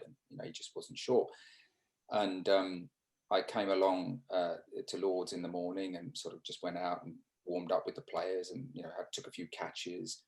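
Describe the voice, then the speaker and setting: An English man in his fifties, a former cricketer, telling stories in a casual interview over a video call, halting with restarts and fillers. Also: low voice, level tone, gravelly, rough recording. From England.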